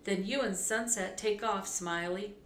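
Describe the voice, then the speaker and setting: A calm, steady cowboy, as a woman reads him aloud gives low instructions in a storybook. The delivery is slow and unhurried. The voice sits in a roomy, echoing space with a faint hum behind it. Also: far from the mic, close to an everyday voice. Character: calm, steady adult cowboy leading a horse rescue.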